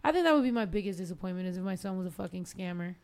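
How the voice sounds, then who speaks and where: A woman's voice: lowish voice, lively intonation, racing, darkish tone, clean tone. A woman in her thirties hosting a casual podcast chat, teasing her guests with plenty of laughter and swearing. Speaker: podcast host.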